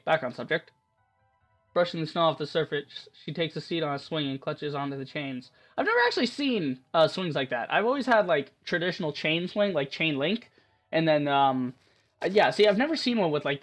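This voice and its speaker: A man's voice: a little high, fairly bright tone. A young man gushing and rambling through let's-play commentary of a game, swearing often. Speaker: gaming YouTuber.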